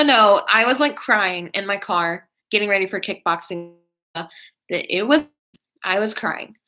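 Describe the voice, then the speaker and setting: Reacting to comments from her audience, a young woman hosts a casual live stream in a mid-range, sharp-toned voice. Her chatter rambles and is heavy with "like" and "um."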